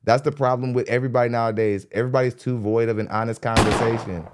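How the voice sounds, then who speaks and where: A man with a mid-range voice hosts a podcast, reacting to a clip with blunt commentary. He talks in a casual, animated way and breaks into laughs often. His voice sits close on a studio dynamic mic. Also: medium pitch, quick pace. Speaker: podcast host reacting to a dating show clip.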